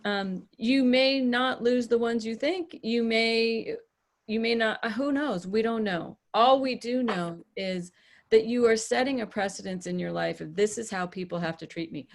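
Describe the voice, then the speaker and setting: A woman's voice: on the high side, measured pace. Direct, matter-of-fact woman coaching. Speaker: podcast host and relationship coach. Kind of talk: coaching talk to a small group.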